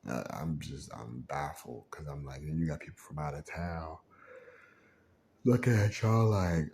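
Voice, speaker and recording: A man's voice: extremely low pitch, a little slow, slight background noise. A man venting in a casual monologue, rambling and frustrated, acting out the voices he quotes. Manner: animated, acts out quoted voices, frequent laughs.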